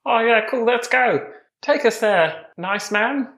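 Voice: medium pitch, lively intonation, slow pace, a bit bright, reverberant, voice pushed up. A performer voicing an eager, naive young man fresh out of detention, in a raised, chirpy voice.

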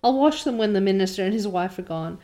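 A woman's voice: medium pitch, expressive, fast, warm tone, lightly acted. A woman voicing a dramatic young orphan girl who pleads through tears while reading a novel aloud. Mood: pleading. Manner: sobbing, overwrought pleading.

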